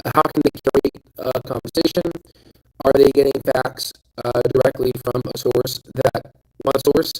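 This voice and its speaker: A man's voice: mid-range voice, fairly even intonation, moderate pace, darkish tone, rough recording. A tired young man with a sore throat, hosting a rambling, casual stock chat into a handheld phone. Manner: rambling, self-deprecating, restarts often. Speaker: stock channel host. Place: outdoors hot tub. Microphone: phone held in hand.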